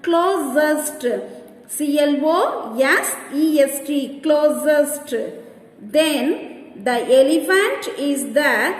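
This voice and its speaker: Slow, high-voiced woman teacher in an echoey room. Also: lively intonation. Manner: slow, deliberate, spells words letter by letter. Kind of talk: reading out textbook exercises. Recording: echoey room with long reverb.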